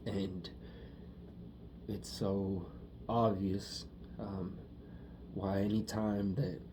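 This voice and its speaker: A young man talking through his feelings in a personal monologue, halting and rambling, with many fillers. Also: low voice, little pitch movement, noisy background.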